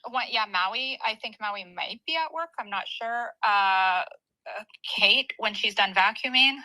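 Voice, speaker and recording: Bright woman reading stream comments. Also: medium pitch, no room sound, low-quality recording. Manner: quick, questioning, reads out chat. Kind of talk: casual chat.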